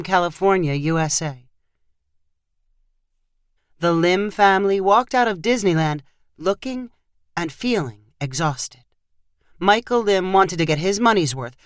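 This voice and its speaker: A woman narrating a short story with a low, measured voice. The delivery stays even, and the recording is dry and close. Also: clear, resonant tone, dry recording. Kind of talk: scripted narration.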